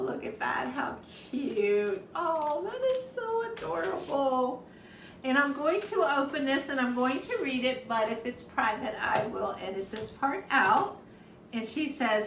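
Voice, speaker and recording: With a bright, high-pitched, forceful voice, a female YouTube unboxing vlogger chats casually while opening a gift. She gushes, gasps and exclaims often, sometimes getting teary and sniffling. The sound is roomy and picked up by a distant mic over faint background noise.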